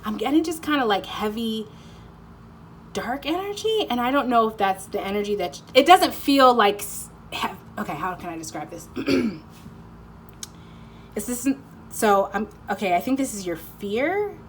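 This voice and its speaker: A woman giving a spontaneous, intuitive card reading, excitable and rambling, often breaking off mid-sentence and apologizing. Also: on the high side, moderate pace, slight background noise, rough recording. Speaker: tarot card reader.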